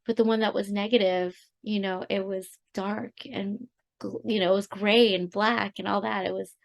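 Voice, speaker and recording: A woman co-hosting a podcast in casual chat, speaking haltingly with many pauses and restarts. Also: medium pitch, little pitch movement, creaky. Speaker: podcast host.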